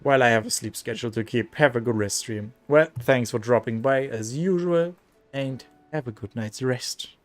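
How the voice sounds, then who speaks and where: Male game streamer, casual muttered commentary, faint game music behind. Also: mid-range voice. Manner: quick, muttering asides. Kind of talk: casual commentary while gaming.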